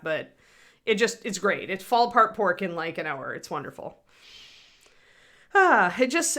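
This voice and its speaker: A middle-aged woman talks loosely on a livestream, drifting from topic to topic and reading out chat messages as she goes. Her voice sounds bright and a little sharp, at an ordinary middle pitch. The delivery stays casual and chatty. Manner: chatty, rambling, answers chat. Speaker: livestream host painting miniatures.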